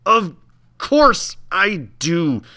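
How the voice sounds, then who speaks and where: A cranky old woman squawks commands like a pirate parrot, her voice jumping high and brittle. A man reading a storybook aloud gives her this voice. The tone is bright and sharp, and it swings widely. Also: very animated, extremely slow, full character voice. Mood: strained, cross. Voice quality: squawking, screechy. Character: eccentric shrill old woman, bossy and impatient.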